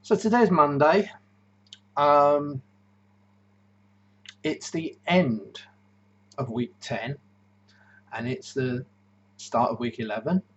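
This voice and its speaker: A man in his fifties chats slowly through his video diary. He rambles and jokes, with plenty of ums and uhs. The sound is dull and lo-fi, like a phone recording. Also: a little high, a bit bright. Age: 50s. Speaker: keto diet vlogger.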